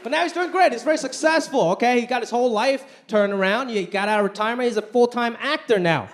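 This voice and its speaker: A man performing a stand-up comedy routine on stage, animated and putting on voices for the people in his stories. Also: very high-pitched, quick pace. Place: stage before a laughing audience. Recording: live show with crowd laughter.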